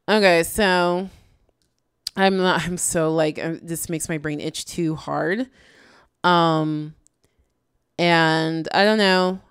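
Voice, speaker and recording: A woman's voice: fairly low pitch, smooth, no echo, studio quality. A woman giving casual, exasperated reaction commentary, slangy and tired late at night. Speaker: YouTube commentator.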